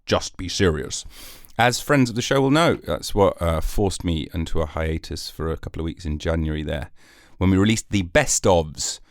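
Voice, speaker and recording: A man's voice: low-pitched, lively intonation, normal speed, no echo, clean studio sound. A British man hosting his own podcast, rambling through a jokey, sarcastic solo monologue. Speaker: podcast host.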